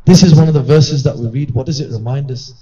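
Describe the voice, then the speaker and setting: Speaking quickly in a dark, mid-range voice, this male religious teacher delivers an earnest, conversational reminder to a gathering in a hall, voicing the people he quotes. The distant mic leaves the audio dull and lo-fi.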